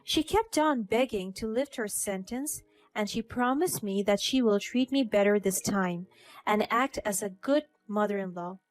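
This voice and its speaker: A woman narrating a first-person story in an even, earnest scripted tone. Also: medium pitch, unhurried, soft background music.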